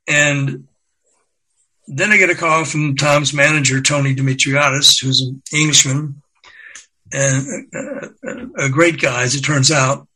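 An older man, a record executive, telling lively anecdotes as an interview guest, acting out the quotes and laughing along. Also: mid-range voice, unhurried, husky, low-quality recording. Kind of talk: anecdotal storytelling.

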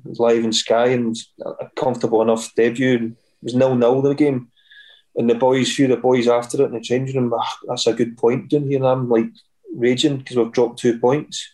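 A man's voice: mid-range voice, a little mellow, poor audio. A middle-aged man with a Scottish accent, a podcast guest telling rambling stories and acting out the other people's voices. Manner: rambling anecdotes, acts out quoted voices. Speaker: guest, former footballer. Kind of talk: podcast storytelling.

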